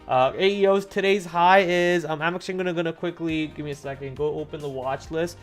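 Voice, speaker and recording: A man's voice: a little high, fairly even intonation, a little fast, soft background music. A man hosting a stock-trading livestream, talking casually and thinking aloud, with many fillers and restarts. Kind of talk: casual market commentary.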